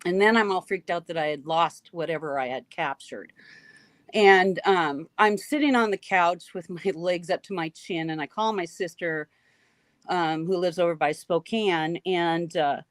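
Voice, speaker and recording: A woman guest recounting a frightening encounter in an animated, emphatic way, repeating key phrases. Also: on the low side, unhurried, no echo. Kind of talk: emotional storytelling.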